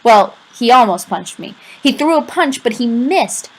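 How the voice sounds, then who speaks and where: A woman's voice: a little high, animated, a little slow, husky, low-quality recording. A woman reading a first-person novel aloud in a conversational, confiding way with casual asides to the listener. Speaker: audiobook reader.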